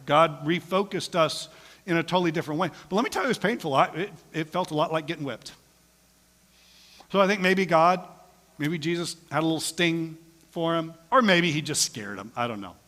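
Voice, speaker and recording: A man's voice: a little high, in a large hall. A man preaching a casual, joking sermon as pastor, often acting out quoted lines in different voices. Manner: animated, jokey, acts out quotes with voices. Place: church sanctuary.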